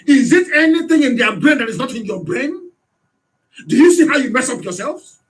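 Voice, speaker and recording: A man with a Nigerian accent giving an impassioned political radio address, hectoring his listeners with rhetorical questions and sometimes shouting. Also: very high-pitched, expressive, normal speed. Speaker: radio broadcaster.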